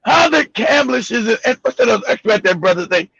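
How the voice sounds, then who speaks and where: A man's voice: extremely high pitch, animated, fairly quick, creaky, bright, forceful tone, slightly rough, no echo, lo-fi sound. A man talking in a heated casual chat, emphatic and profane, often stammering and repeating words.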